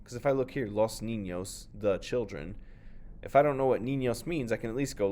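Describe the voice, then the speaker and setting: A man's voice: mid-range voice, very animated, normal speed, warm tone, slight background noise. A man teaching a class, reading a play aloud and thinking aloud about the text.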